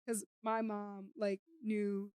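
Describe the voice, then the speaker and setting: A young woman co-hosting a casual podcast, telling a story in an animated, chatty way with lots of filler words. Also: mid-range voice, slow, smooth, no echo, clean studio sound. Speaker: podcast co-host.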